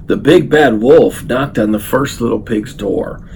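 A man's voice: mid-range voice, unhurried, creaky, darkish tone, slight background noise. An older man reading a children's story aloud, then talking unhurriedly with many fillers. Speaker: speaker reading a story to his grandchild.

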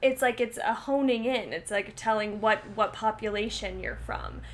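An American woman co-hosting a casual chat, playful and quick to laugh. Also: mid-range voice. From United States. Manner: chatty, playful, laughs often. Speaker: podcast co-host.

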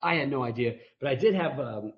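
A man's voice: medium pitch, animated, a little fast. A man telling a rambling, self-mocking story as a guest on a video call interview. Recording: muffled video call audio.

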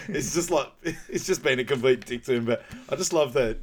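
A man co-hosting a podcast, recapping a film in casual chat, laughing often and bursting into loud, excited quotes of lines. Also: medium pitch, a little slow. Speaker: podcast co-host.

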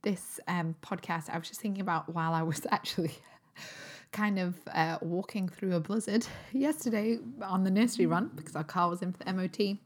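A British woman, a holistic nutritionist, hosting her own podcast in a chatty, upbeat way, her voice still a little croaky from a recent cold. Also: fairly low pitch, fairly quick. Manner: chatty and upbeat, with frequent fillers and restarts. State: slightly croaky voice recovering from a cold. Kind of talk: casual solo podcast talk.

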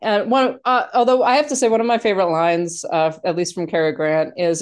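A woman's voice: on the low side, fairly even intonation, fairly quick, few pauses. A woman in a casual film discussion, talking animatedly with many restarts and fillers.

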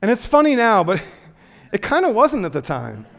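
A man giving a sermon, telling a self-deprecating personal story in a lively way with lots of filler words before turning to teaching. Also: sits high, normal speed, creaky, long reverb tail. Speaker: pastor.

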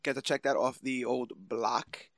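A man co-hosting a podcast, chatting casually about a movie, animated and laughing as he acts out scenes. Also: mid-range voice, measured pace, no echo, clean studio sound. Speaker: podcast co-host. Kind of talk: casual movie review chat.

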